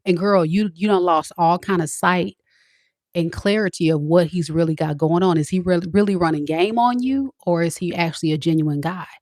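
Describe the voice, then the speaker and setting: Low-pitched woman, tarot reader lecturing her female viewers bluntly, dry close recording. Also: moderate pace, darkish tone, dry recording. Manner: blunt, preachy, talks straight to the women watching. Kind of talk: direct-to-camera advice talk.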